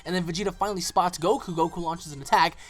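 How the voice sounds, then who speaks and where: A man's voice: high-pitched, steady tone, fast talker. A man hosting a casual anime recap, rambling with lots of fillers. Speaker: host.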